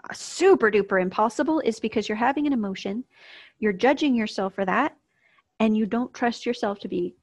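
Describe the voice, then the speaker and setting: A woman's voice: on the high side, no room sound. A woman coach teaching an online course lesson in a casual, upbeat way, speaking straight to her viewers. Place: outdoors, near a street. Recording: dull, slightly lo-fi dry sound.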